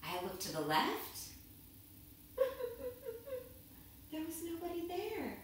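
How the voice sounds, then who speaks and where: A woman, a children's yoga teacher, telling a story to young children in an expressive, playful way. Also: very high voice, normal speed, a little hiss or hum. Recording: echoey room, mic far off.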